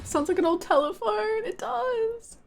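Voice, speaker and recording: A woman's voice: very high-pitched, animated, a little slow. A woman streaming a video game live, reacting playfully and laughing often as she comments. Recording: clear game music behind voice.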